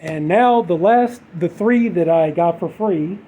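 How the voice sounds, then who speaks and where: In dull lo-fi audio with faint background noise, a man with a high-sitting voice goes through his horror haul at a measured pace. It's a laid-back unboxing chat, rambling and stuffed with fillers.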